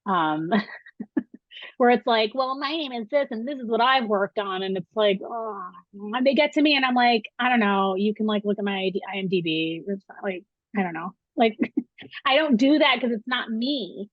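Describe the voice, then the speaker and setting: A woman's voice: medium pitch, normal speed, no echo. Candid young woman film professor, muffled. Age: young adult. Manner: animated, swears casually. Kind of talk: candid interview talk. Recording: dull, dry recording.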